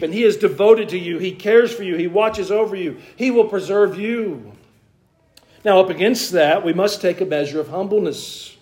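Southern male pastor, slightly high voice, earnest sermon delivery with questions to the crowd. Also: a little mellow. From American South. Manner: earnest preaching, varied emphasis, asks the congregation questions. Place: church.

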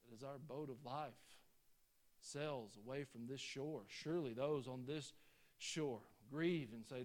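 A man preaching a sermon with passion, swinging from loud bursts to hushed, quiet passages. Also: on the high side, lively intonation, unhurried. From United States.

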